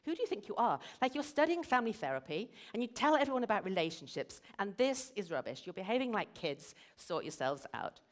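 A man's voice: high voice, big pitch swings, a little fast, few pauses, pitched above the performer's own voice. A woman voicing her teenage son, who indignantly scolds his arguing parents. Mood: exasperated.

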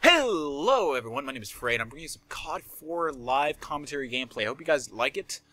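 A man doing live commentary over his gameplay, rambling and chatty, prone to shouting, laughing and swearing. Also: on the high side, a little fast. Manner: excitable, shouts and laughs at in-game moments. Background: game gunfire and explosions.

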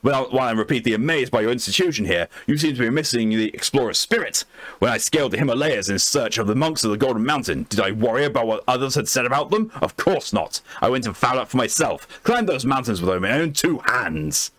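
A man voicing a pompous elderly gentleman explorer who blusters and takes offense easily. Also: mid-range voice, animated, fast talker, no echo, close to an everyday voice. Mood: indignant.

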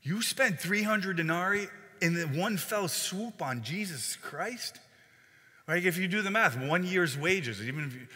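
Bright-voiced preacher man in a hall. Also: on the high side. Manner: conversational preaching with fillers and restarts. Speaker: pastor. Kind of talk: sermon. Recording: long hall reverb.

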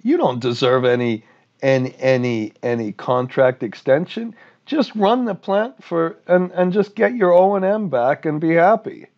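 A man's voice: on the high side, animated, measured pace, darkish tone, lo-fi sound, pitched above the performer's own voice. A man voicing a dismissive government regulator who scolds and brushes off a request. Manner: scolding, exasperated.

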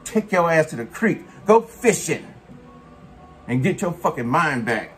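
A man's voice: a little high, lively intonation, moderate pace, a bit bright, soft background music. A man giving a profane, mocking reaction rant as a vlogger, scolding someone in heavy slang. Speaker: commentary vlogger.

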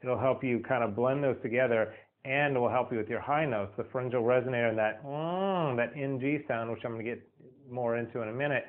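A man with a steady, mid-range voice talks fast through a casual spoken singing lesson. As a singing teacher he rambles, repeats words, doubles back, and fills gaps with lots of ums. The audio is narrow and tinny, like a phone line.

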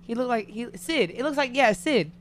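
A woman's voice: fairly high pitch, lively intonation, normal speed. Jumpy woman screaming through a horror game. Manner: screams and laughs in fright, swears, talks casually. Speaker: streamer playing a horror game. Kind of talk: reaction gaming commentary.

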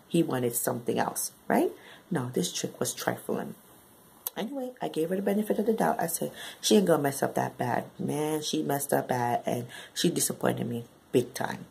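A woman recapping a novel in a chatty, slangy way, often tagging "right?" onto her sentences and bursting into high exclamations. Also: normal speed, vocal fry, dark tone, slightly rough, low-quality recording. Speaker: book reviewer. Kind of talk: casual book recap.

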